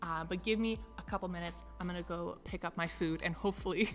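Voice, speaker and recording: Young gal rambling on a stream, lots of ums and giggles, soft music behind. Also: female voice, lowish voice, fairly even intonation, fast talker. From United States. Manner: rambling, laughs often, many fillers. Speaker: streamer chatting with viewers. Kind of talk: casual chat. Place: office.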